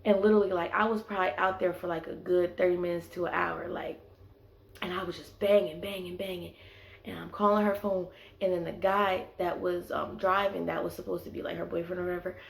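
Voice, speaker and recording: A woman's voice: on the low side, a little fast, creaky. A young woman telling a story in a casual, slangy way, full of fillers. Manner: animated, slangy storytelling with many "like"s. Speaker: vlogger. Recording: echoey room.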